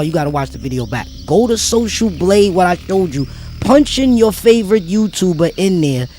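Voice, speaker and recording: A man's voice: on the high side, darkish tone. A man vlogging, delivering an emphatic, preachy motivational rant full of street slang and repeated phrases.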